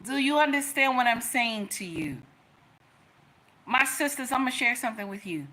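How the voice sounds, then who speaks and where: A woman's voice: on the high side, expressive, normal speed, bright, forceful tone. A woman giving relationship advice through a personal story, emphatic, repeating lines and calling her listeners y'all and baby.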